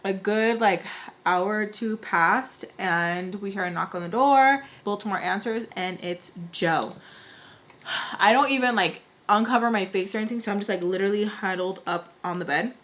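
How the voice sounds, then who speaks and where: A woman's voice: medium pitch, moderate pace, fairly bright tone. A woman chatting casually as she tells a personal story, with lots of "like" fillers and acted-out quotes. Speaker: vlogger telling a story.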